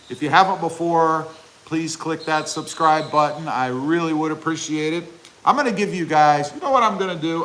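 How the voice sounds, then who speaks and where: A man's voice: a little high, sharp tone, slight background noise. A man hosting a casual livestream outdoors, reading chat comments aloud in a rambling, joking way with lots of fillers. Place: outdoors by his truck.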